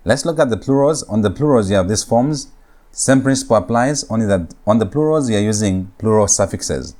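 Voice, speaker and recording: A man's voice: lowish voice, lively intonation, a little fast, warm tone. A man giving a recorded lecture as a language teacher, explaining step by step and repeating key points. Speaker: Hebrew teacher.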